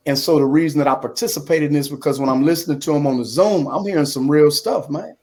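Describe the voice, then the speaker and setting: A man in his fifties tells his story as an interview guest, speaking through a computer on a video call. His voice sits a touch higher than most men's. He acts out both sides of past conversations and keeps dropping in "man.". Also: fast, a little mellow. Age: 50s. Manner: acts out dialogue, drops in "man" a lot.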